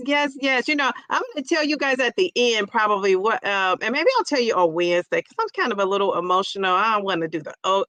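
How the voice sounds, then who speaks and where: Woman, 50s, livestream host reading chat; effusive, bright tone, dry room. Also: a little high, dry recording, poor audio. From Ohio. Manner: chatty and effusive, greets viewers with loud bursts. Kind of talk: casual live chat.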